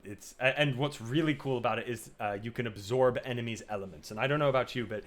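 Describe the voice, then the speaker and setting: A man's voice: medium pitch, fast talker. A man co-hosting a casual podcast, enthusiastically rambling about a video game with lots of fillers. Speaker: podcast co-host.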